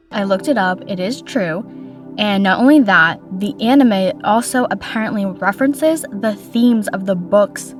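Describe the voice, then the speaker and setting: Chatty, opinionated young woman podcaster. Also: medium pitch. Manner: chatty and opinionated, playful hot takes. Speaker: podcast host. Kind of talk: casual podcast chat.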